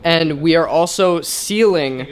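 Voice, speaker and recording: A man's voice: a little high, slow pace. A man co-hosting a car vlog in a home garage, explaining the job in an easygoing, self-mocking way. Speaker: vlog co-host. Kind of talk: casual chat explaining car work. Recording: noisy garage, tool clicks.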